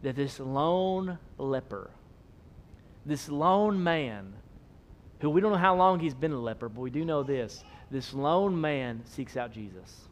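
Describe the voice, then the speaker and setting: A pastor preaching a sermon, emphatic and repetitive, with rhetorical questions and a casual way of talking. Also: male voice, a little high, expressive, measured pace, slight background noise. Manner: casual, with filler likes.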